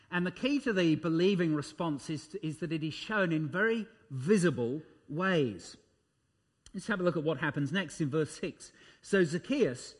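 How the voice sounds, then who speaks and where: A man delivers a sermon with emphasis, lifting his voice high and then letting it fall low for effect, and he says "um" and "uh" a lot.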